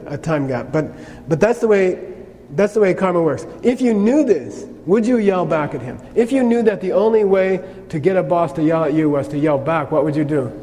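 High-voiced man teaching in a hall. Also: a little mellow. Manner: conversational, keeps checking in with "okay?". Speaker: Buddhist teacher. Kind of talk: lecture on karma. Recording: long reverb, faint noise.

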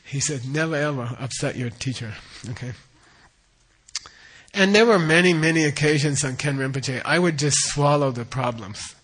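A middle-aged man teaching Buddhist tradition, explaining terms slowly and often checking in with "okay?". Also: on the high side, a bit bright. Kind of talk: dharma teaching.

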